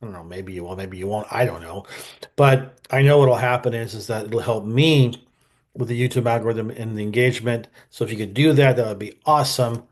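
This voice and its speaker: A man's voice: on the low side, fairly quick. A man hosting a history channel who talks through the day's events in a loose, rambling style, joking and trailing off with lots of fillers. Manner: rambling, jokey, many fillers and restarts. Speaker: history show host. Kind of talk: casual history commentary.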